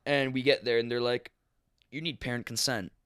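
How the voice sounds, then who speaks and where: A young man, a podcast guest, telling a story in a casual, animated way, swearing often and acting out what people said. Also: mid-range voice, normal speed, clean tone, no echo, clean studio sound. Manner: animated, swearing, acts out quotes.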